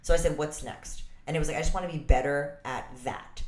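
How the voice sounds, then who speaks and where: A woman from the Bronx, a boxer telling her story as a podcast guest in lively, swear-laced casual talk. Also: low-pitched, brisk. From the Bronx, New York. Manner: animated, swearing, laughs through her stories. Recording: roomy echo.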